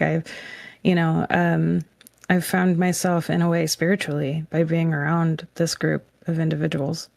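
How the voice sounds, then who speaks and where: A woman's voice: low-pitched, gravelly, a little mellow, no echo. A woman speaking earnestly and from the heart in a casual group chat.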